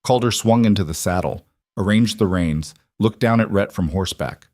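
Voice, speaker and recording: A man narrating a western story in a measured, grave storytelling manner. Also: on the low side, a little mellow, dry recording.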